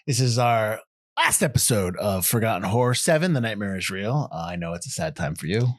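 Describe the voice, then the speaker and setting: A man's voice: lowish voice, expressive, brisk, no room sound, clean studio sound. An American man hosting a podcast in casual chat, rambling and correcting himself as he reads out figures. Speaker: podcast host.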